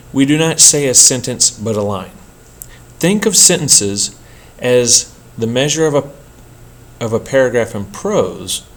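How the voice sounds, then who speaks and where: A man teaching a poetry workshop in a measured, explanatory lecture style, with an occasional slip. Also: mid-range voice. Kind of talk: scripted lecture narration.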